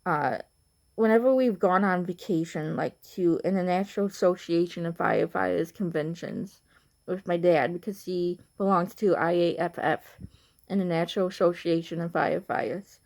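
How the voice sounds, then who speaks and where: A young woman vlogger from Chicago, Illinois, with a Chicago accent, talks to camera in a lowish, slightly mellow voice with vocal fry at a moderate pace. Just woken up and tired, she rambles casually, filling her speech with "like" and "you know."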